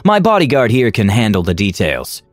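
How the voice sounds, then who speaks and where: A man's voice: lowish voice, wildly swooping pitch, moderate pace, no room sound, soft background music. A man voicing a smug, self-assured female party leader.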